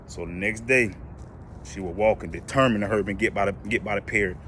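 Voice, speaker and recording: A man casually telling a joke in a relaxed, colloquial way, recorded outdoors near traffic. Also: lowish voice, fast talker. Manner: relaxed, colloquial, lively delivery. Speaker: joke teller. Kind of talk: casual storytelling.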